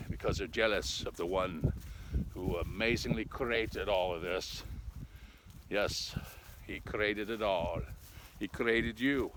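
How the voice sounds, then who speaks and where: A low-ish, slightly bright voice belongs to an older man vlogging as he walks his dogs along a country road. He rambles in a folksy, talkative way, a little winded, adding "eh?" to his lines. Dogs and rural outdoor sounds come through the noisy recording.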